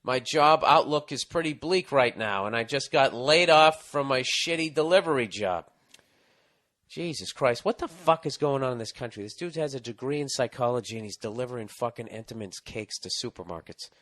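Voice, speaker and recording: A man with a mid-range voice and moderate pace hosts a comedy podcast. He reads out a listener's letter and tells stories in an animated, profane, ranting way.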